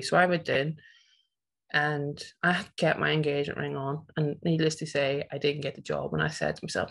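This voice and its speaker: A woman's voice: low voice, expressive, normal speed, gravelly, a bit bright. A woman in her forties with a Northern Irish accent, a teacher giving a passionate, emphatic personal talk at a presentation. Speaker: teacher and conference speaker.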